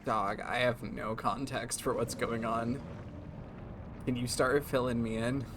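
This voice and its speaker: A young man streaming a video game, chatting casually in an excitable, profane way and laughing often. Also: mid-range voice, unhurried, noisy background. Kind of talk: casual gameplay chat.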